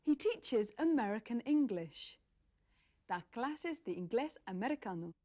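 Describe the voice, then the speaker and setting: A woman co-presenting an English course in a teasing, lively way. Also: on the high side, measured pace. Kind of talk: scripted teaching presentation.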